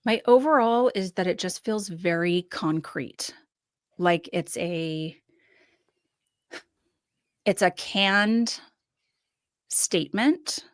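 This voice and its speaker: A woman's voice: medium pitch, takes it slowly, long pauses, no room sound, studio quality. A woman guest on a podcast, talking through her analysis in a thoughtful, hedging way with frequent restarts. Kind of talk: casual analytical discussion.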